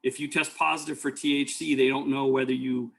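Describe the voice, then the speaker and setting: The EMT instructor's voice is medium in pitch and level in tone, slightly fast and creaky. He lectures through rambling personal stories, repeatedly restarting and leaning on fillers.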